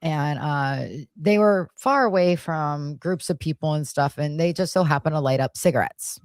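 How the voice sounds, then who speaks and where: A woman from the United States co-hosts a podcast and talks in a casual, animated way, often laughing as she tells a story. Her voice sits on the lower side. The sound is dry and close, with no room echo. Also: normal speed. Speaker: podcast co-host. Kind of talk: casual chat.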